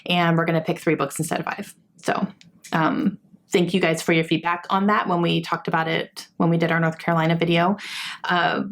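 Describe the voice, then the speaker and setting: A woman's voice: fairly low pitch, little pitch movement, a little fast, gravelly. Chatty woman gushing about a book. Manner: chatty, gushing, many fillers. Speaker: book vlogger. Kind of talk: casual book review chat.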